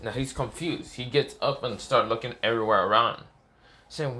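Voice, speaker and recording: A man's voice: mid-range voice, normal speed, bright, forceful tone, breathy edge. A man casually narrating an improvised fan story, rambling with fillers and self-corrections.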